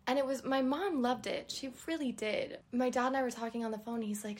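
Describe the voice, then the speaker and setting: A woman's voice: a little high, fairly quick, few pauses. A young woman hosting a podcast, chatting casually on her own in a rambling way and laughing often. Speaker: podcast host. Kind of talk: casual solo chat.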